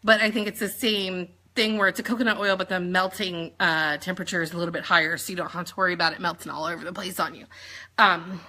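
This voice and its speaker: A woman, chatting casually through a product rundown with quick jokes and asides. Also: on the low side, fairly even intonation, bright, forceful tone. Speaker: sales consultant presenting products.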